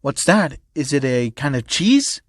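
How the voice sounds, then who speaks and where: A man voicing a naive, excitable teenage cat boy with a childlike, stammering way of talking. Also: mid-range voice, a little slow, no room sound, studio quality. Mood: shy, confused.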